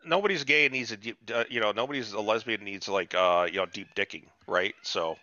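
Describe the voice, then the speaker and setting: A man's voice: lowish voice, brisk, sharp tone, dry recording, lo-fi sound. A man co-hosting a podcast in casual chat, rambling and swearing freely with many restarts. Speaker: podcast co-host.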